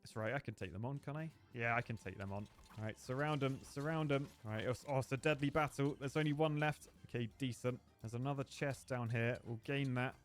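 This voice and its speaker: A young man gives running live commentary over his gameplay, chatty, jokey and quick to get excited. His voice sits at an ordinary middle pitch. Faint music plays behind him. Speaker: gaming streamer.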